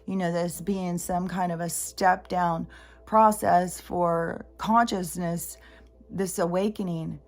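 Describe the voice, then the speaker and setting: A woman's voice: on the low side, steady tone, slow pace. A middle-aged woman talking in a casual, rambling vlog monologue, jumping between tangents with lots of fillers. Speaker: spiritual vlogger.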